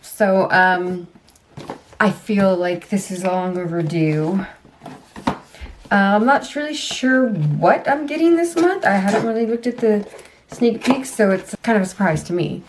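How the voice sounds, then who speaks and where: A woman's voice: medium pitch, expressive, unhurried, noisy background. Woman, beauty vlogger, casual unboxing chat, chatty, easy laughs, rambling asides. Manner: chatty, self-deprecating, laughs easily; frequent ums and trailing asides.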